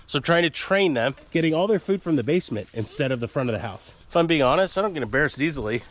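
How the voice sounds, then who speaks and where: A man's voice: fairly high pitch, lively intonation, fast, fairly bright tone. A man hosting a family vlog outdoors, chatty and rambling, with a self-deprecating manner. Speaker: vlog host and father. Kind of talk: casual vlog narration. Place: outdoors on a rural homestead.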